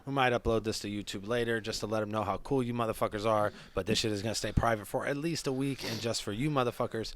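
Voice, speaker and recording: A man's voice: on the low side, steady tone, fast talker, few pauses, a bit bright. A man co-hosting a comedy podcast, rambling casually with lots of fillers and swearing. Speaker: podcast co-host. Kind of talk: casual profane chat.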